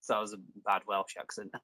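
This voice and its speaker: A man's voice: on the low side, fairly even intonation, moderate pace, a bit bright, no room sound, low-quality recording. A young man hosting a review video, rambling and joking in casual chat. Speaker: reviewer and host.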